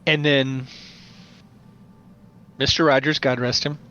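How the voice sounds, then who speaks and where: A man who runs tabletop games, chatting on a podcast as an animated storyteller. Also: medium pitch, takes it slowly. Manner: animated storyteller, playful voice imitations. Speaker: podcast guest, game master. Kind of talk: casual podcast chat. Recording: dull lo-fi audio.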